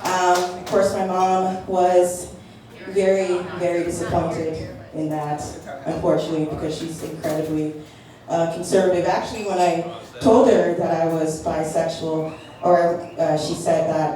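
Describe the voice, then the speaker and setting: A young woman doing stand-up, talking in a halting, self-deprecating way full of fillers. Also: lowish voice, level tone, mellow. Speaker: stand-up comic. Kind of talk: stand-up comedy set. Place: comedy club stage. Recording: echoey club from far off, crowd. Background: audience laughter.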